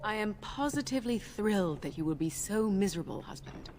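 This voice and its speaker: A woman's voice: medium pitch, expressive, brisk, darkish tone, a little hiss or hum, close to an everyday voice. A woman voicing a formal, earnest noblewoman in a fantasy game. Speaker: game character. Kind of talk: game voice acting.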